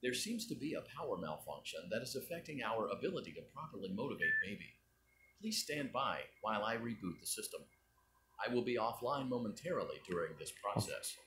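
A man's voice: lowish voice, very animated, a little fast, pushed and bright. An actor voicing a cheerful male automated facility system that gives upbeat, corporate-style instructions. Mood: cheery instructive.

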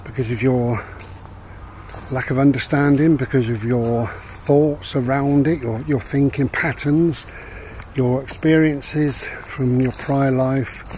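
A man's voice: medium pitch, fairly even intonation, takes it slowly, darkish tone, slight background noise. A man talking through life advice in a casual rambling monologue, reflective and repeating his key points. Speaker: vlogger giving life advice. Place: outdoors walking a dog.

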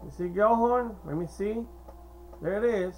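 A man whose first language is Spanish, talking in a hesitant, meandering monologue to camera with many filler pauses. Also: high voice, soft background music, rough recording. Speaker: video blogger. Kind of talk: casual rambling monologue to camera.

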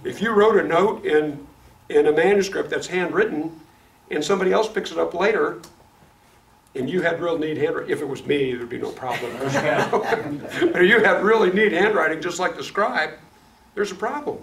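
A man with a Midwestern accent teaches a Bible class, asking his students questions and laughing along with them. His voice sits fairly high. It is recorded from across an echoey room, with faint noise behind it. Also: normal speed, creaky. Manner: lively, asks the class questions, laughs often. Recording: echoey classroom from far off, noisy.

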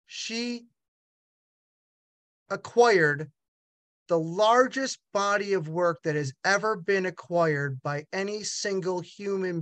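A middle-aged man, a gallery owner, telling a personal story in an animated way with many halting restarts. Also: high-pitched, no room sound. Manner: animated, acts out other voices in quotes. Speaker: gallery owner and art dealer.

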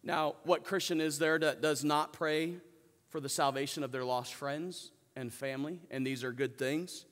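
A man preaching in a church sanctuary, his fairly high voice ringing out with a long reverb tail. He calls on the congregation to answer back, and he moves between loud emphatic peaks and quiet, low asides. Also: steady tone, normal speed. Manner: preaches with call-and-response to the congregation. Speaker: pastor. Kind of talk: sermon.

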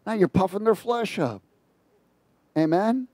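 An animated male preacher with a fairly high voice, talking through a psalm and poking fun at his listeners as he goes. His sound is dry and close, with almost no room around it. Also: measured pace, dry recording. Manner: animated, mocking and laughing at his own asides. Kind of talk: informal sermon on a psalm.

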